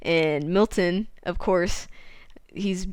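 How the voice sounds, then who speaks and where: Smooth, dry-voiced woman recapping a book. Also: fairly low pitch, dry recording. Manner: lively retelling with quick voiced quotes of characters. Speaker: podcast host.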